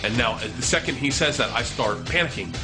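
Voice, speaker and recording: A man in his thirties telling a comic story, animated and profane, acting out the voices of the people in it. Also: medium pitch, a little fast, over music. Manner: animated, profane, acts out quotes.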